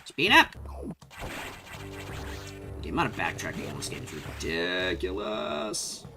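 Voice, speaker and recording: A man's voice: low voice, wildly swooping pitch, normal speed. A man giving casual, rambling commentary while playing a game on stream, swearing when surprised. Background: game music.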